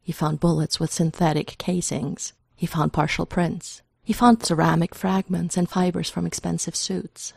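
A woman narrating a work of fiction aloud in an even, dry storytelling manner. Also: lowish voice, moderate pace, vocal fry, few pauses, breathy edge, no room sound. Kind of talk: audiobook reading of fiction.

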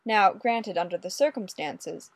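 A woman voicing a courtly, mild old male Mountie with a polite, unhurried, old-fashioned manner. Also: medium pitch, no echo, natural voice. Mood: genial.

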